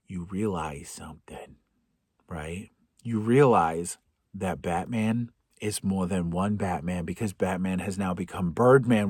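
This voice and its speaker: A man recapping a film plot for comedy, rambling and sarcastic, with sudden loud outbursts and whispered asides. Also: mid-range voice, no echo, studio quality. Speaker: podcast host.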